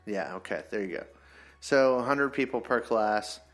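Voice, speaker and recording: A man co-hosting a casual podcast, teasing his co-host and telling stories with animated jokes. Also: fairly low pitch, moderate pace. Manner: joking, teasing, animated storyteller. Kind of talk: casual chat.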